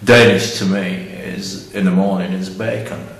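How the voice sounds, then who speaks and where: A middle-aged man rambling bluntly and tactlessly in a deadpan comic monologue. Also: low voice, unhurried, distant mic. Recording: echoey room from off-mic.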